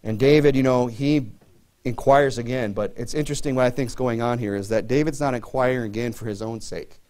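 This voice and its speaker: A man's voice: mid-range voice, fairly quick, a little mellow. A middle-aged man preaching a sermon to his church in a conversational way, full of "you know" fillers. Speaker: pastor.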